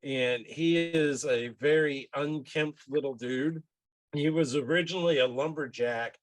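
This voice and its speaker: A man describes his character at an unhurried pace, with a somewhat high voice. He hesitates often, and the recording sounds dry and close. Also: no room sound, rough recording. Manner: hesitant, many fillers. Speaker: player. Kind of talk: casual tabletop game play.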